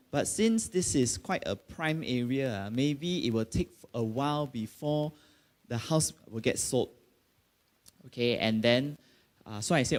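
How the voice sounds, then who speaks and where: A man's voice: mid-range voice, expressive, unhurried, darkish tone. A middle-aged man with a Malaysian English accent, preaching a sermon in a conversational way, with many fillers and sudden emphatic bursts. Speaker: pastor.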